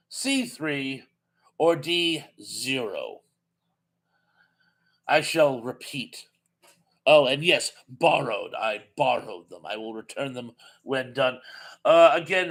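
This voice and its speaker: Chatty man hosting a live trivia stream. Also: fairly high pitch. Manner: chatty, reads viewer comments aloud, laughs at himself. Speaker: live show host running a TV trivia quiz. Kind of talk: casual live-stream chat.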